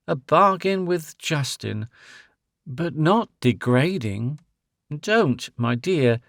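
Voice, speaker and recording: A man voicing a grown woman who is tender, sorrowful and resolute, speaking with soft pleading. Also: a little high, no echo, studio quality, full character voice.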